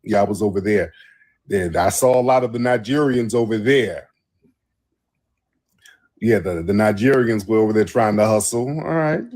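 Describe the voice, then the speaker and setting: A man from the United States hosting a casual livestream while travelling abroad, telling rambling, animated stories and swearing often. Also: on the low side, normal speed, pauses often. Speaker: host.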